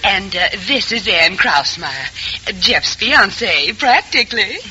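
Gracious old mother, gentle and bright-toned, in a muffled 1940s radio play. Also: medium pitch, lively intonation, slow, slight background noise, exaggerated voice. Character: gracious older Southern mother, sweet-natured. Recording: dull old radio broadcast.

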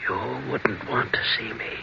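A man's voice: mid-range voice, measured pace, slight background noise, exaggerated voice. An actor playing the solemn ghost of a dead man who returns to make amends, in an old radio drama. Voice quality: gravelly, solemn, hushed at times. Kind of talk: 1940s radio acting. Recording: dull lo-fi old radio recording.

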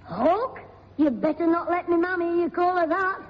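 A woman doing a cheeky, very high-voiced schoolboy. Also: moderate pace. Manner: cheeky, wisecracking. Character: cheeky young schoolboy, quick-witted joker. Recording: dull old radio recording with reverb and hiss.

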